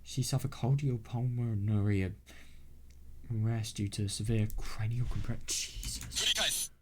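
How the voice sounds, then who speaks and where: Excitable man reacting to a game. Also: on the low side, a little hiss or hum. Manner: exclamatory, repeating "no" and "oh my God" with swearing; halting with fillers and restarts when he talks things through. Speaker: let's play host. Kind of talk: reacting while playing a visual novel.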